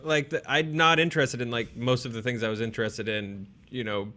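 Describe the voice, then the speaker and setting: A comedy writer in casual commentary chat, joking in a laid-back way. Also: male voice, medium pitch, fairly even intonation, fairly quick, pushed and bright.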